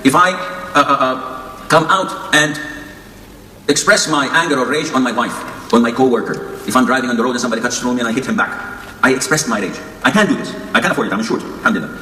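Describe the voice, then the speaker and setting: Fast-talking male preacher in an echoey hall. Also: medium pitch, sharp tone, a little hiss or hum. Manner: earnest advice with wry jokes. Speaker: Islamic preacher. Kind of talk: sermon.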